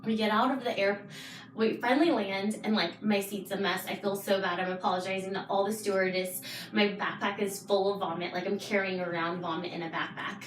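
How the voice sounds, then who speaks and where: A young adult woman talks casually as a podcast guest, animated and quick to laugh. She sits a bit back from the mic. The room echoes around her voice. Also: medium pitch, a little hiss or hum. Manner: animated storyteller, laughs often. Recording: roomy, distant mic.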